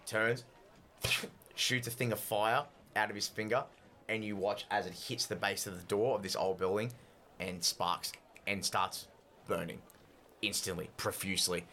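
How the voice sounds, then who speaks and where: A man with a low, gravelly voice narrates a tabletop role-playing game as its game master. He describes scenes and rules in a loose, casual way, with a little faint noise behind him. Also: steady tone, a little slow, bright, forceful tone.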